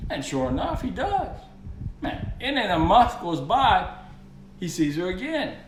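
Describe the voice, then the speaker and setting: A man's voice: high-pitched, sing-song, unhurried. A man with a Cajun accent hosting a cooking video, telling folksy jokes as he cooks. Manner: folksy, joking storyteller. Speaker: cooking show host. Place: home kitchen. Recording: echoey kitchen, faint background hum.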